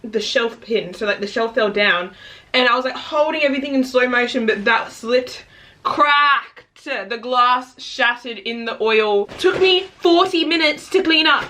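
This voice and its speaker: A woman telling stories in a casual reading vlog, chatty and animated, acting out what people said and laughing often. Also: on the high side, unhurried. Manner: chatty storytelling, acts out quotes, laughs often. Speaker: book vlogger.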